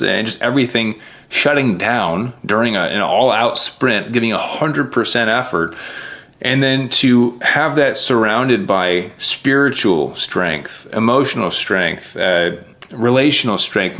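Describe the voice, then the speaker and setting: A man's voice: mid-range voice, creaky, fairly bright tone. A man giving a heartfelt, earnest recap of his race that sometimes chokes with emotion. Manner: earnest, heartfelt, voice choking up at times. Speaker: vlogger.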